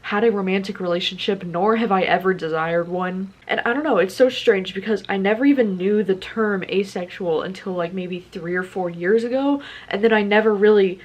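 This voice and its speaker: A woman's voice: mid-range voice, moderate pace, few pauses, low-quality recording. Chatty young woman book vlogger. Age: 20s. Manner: chatty, many "like" fillers, candid and emotional. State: tearful. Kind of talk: casual vlog chat.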